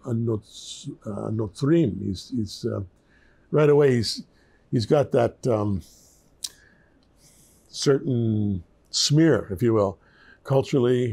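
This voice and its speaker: An older man, a pastor, teaching the Bible in a relaxed, conversational way with chatty asides. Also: medium pitch, gravelly.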